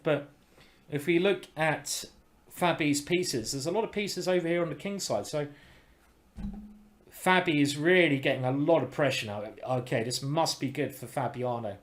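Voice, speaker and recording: Male streamer, relaxed chess commentary with a slightly raised pitch, rambling restarts and sudden bursts of excitement. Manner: chatty, thinking aloud with restarts; bursts into excited exclamations at good moves.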